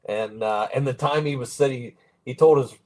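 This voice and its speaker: A man's voice: mid-range voice, moderate pace, darkish tone. A man co-hosting a podcast, joining in with laid-back, chuckling memories in casual chat. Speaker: podcast co-host.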